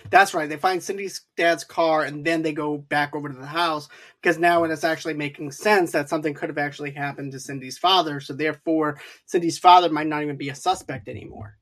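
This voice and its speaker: A co-host retells a film's plot in a relaxed, casual chat. The speech rambles and keeps circling back with filler phrases. The voice sits at a middling pitch. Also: brisk, hardly any pauses. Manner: rambling, repeats filler phrases like "too, though". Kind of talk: casual movie recap chat.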